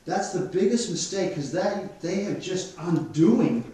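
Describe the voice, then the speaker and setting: A man's voice: high-pitched, measured pace. Australian man dog trainer, echoey and distant. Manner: instructive, calm commands to dogs. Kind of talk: explaining while demonstrating. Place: studio. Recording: echoey room, mic at a distance.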